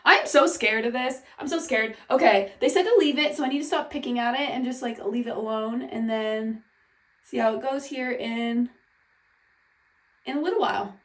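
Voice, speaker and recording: Woman vlogger, anxious self-talk, rambling delivery, bright-ish pitch, roomy echo. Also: moderate pace. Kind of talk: casual vlog talk. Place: at home. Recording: echoey room, voice from a distance.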